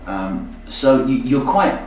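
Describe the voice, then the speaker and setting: Slow-talking man giving psychic advice. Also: medium pitch, very animated. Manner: slow, soothing, ends phrases with "okay?". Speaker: psychic host. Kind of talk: live-stream psychic reading. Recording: echoey room, mic far off, faint noise.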